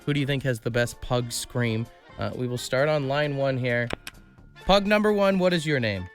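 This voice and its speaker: A man hosting a morning radio show, running call-in games with brisk, upbeat banter. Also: medium pitch, faint music behind.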